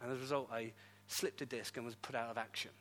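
A middle-aged man, a pastor, telling his story in a sermon with lively, self-deprecating humor. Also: mid-range voice, quick pace. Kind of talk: testimony sermon.

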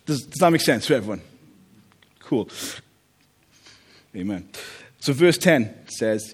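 A man preaching a relaxed, conversational sermon, joking about family life and often checking in with "okay?". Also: mid-range voice, takes it slowly, pauses often, husky. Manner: chatty, jokey, checks in with "okay?".

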